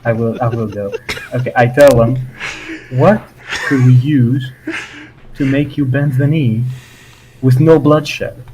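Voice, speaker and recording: A man's voice: mid-range voice, slow pace, pauses often, dark tone, a little hiss or hum, rough recording. A man playing a tabletop game, stern and commanding when he speaks as his character. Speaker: player.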